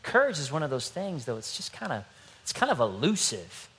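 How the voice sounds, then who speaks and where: A middle-aged man preaching a sermon as pastor, animated and playful, acting out little scenes. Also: on the high side, fairly quick, slightly rough.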